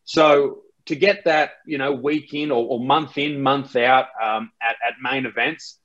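A man's voice: mid-range voice, steady tone, unhurried, fairly bright tone, dull audio. A man from Australia with an Australian accent, a guest chatting casually and mocking himself, often restarting his sentences. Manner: laid-back, self-mocking, many restarts. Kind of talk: casual interview chat.

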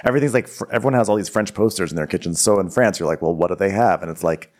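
Brief: male podcast co-host, lowish voice, loose comedic recap chatter. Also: animated, rapid-fire. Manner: chatty, lots of "like", acts out quotes. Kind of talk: casual comedic recap chat.

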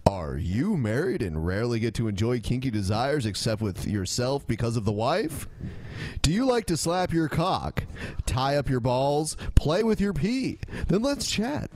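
A man co-hosting a podcast, lively and prone to giggling while reading. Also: medium pitch, unhurried, a little hiss or hum. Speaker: podcast co-host. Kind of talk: casual podcast banter.

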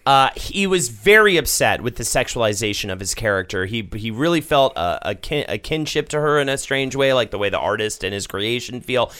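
A man's voice: mid-range voice, expressive, brisk, few pauses, pushed and bright, clear, resonant tone. A man co-hosting a podcast in casual chat, telling the story with many hesitations and some profanity. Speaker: podcast co-host.

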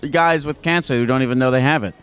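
A man interviewing passers-by outdoors on a city street, telling dark jokes with a straight face. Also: medium pitch, quick pace, clear, resonant tone. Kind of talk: deadpan comedic street interview.

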